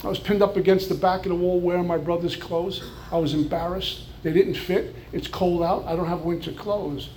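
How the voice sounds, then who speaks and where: A man's voice: high-pitched, fairly even intonation, moderate pace, few pauses, a little mellow, a little hiss or hum. A man from New York with a New York accent, giving an earnest personal recovery testimony with flashes of wry humor. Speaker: recovery speaker.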